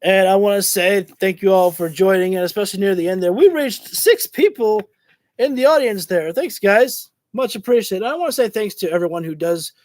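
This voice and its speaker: High-voiced, excitable male wrestling commentator. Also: brisk, no room sound. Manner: excitable, shouts reactions and curses at the action; rambling, stumbles over words. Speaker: streamer commentating a wrestling show. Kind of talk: live watch-along play-by-play commentary.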